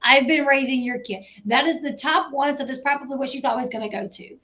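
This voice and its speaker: A woman with a high voice reacts to a clip in a blunt, incredulous way. She speaks her mind plainly as the host of a commentary channel. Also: brisk, pushed and bright, muffled recording.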